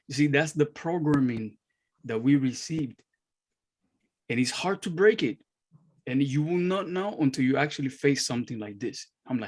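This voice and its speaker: A man from Miami, a guest on a podcast, explaining his views calmly and earnestly over a video call. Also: mid-range voice, moderate pace. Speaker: guest astrologer. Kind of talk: casual podcast conversation.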